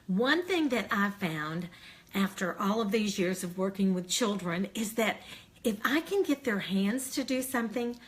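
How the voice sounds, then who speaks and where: Friendly teacher woman sharing classroom tips. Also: medium pitch. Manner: demonstrates chants in a bright, slow singsong; friendly, encouraging explanation. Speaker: early childhood educator. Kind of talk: teacher training demonstration.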